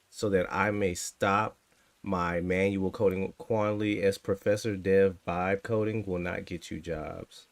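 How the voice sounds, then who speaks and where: Man, 30s, coding streamer; slow, laid-back delivery, needles his chat with dry sarcasm. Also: low-pitched, flat delivery. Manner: teasing, sarcastic, muses aloud to himself. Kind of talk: casual livestream chat while coding.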